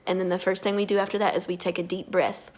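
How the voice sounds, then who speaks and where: A woman speech therapist guiding a child through a lesson, speaking slowly and deliberately and praising gently. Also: fairly low pitch, level tone.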